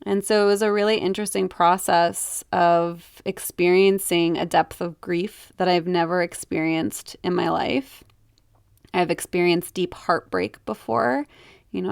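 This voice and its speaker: A young adult woman hosting a podcast, talking candidly and reflectively about grief, with halting phrasing and frequent fillers. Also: lowish voice, vocal fry, clear, resonant tone, dry recording, studio quality. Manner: reflective, halting, many "like" and "you know". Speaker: podcast host. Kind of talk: candid personal monologue.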